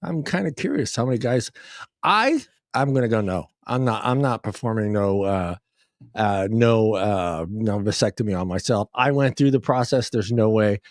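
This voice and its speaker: A man's voice: on the low side, lively intonation, normal speed, dry recording, studio quality. A man co-hosting a casual talk show, laughing and rambling with stammering restarts. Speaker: co-host. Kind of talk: casual banter.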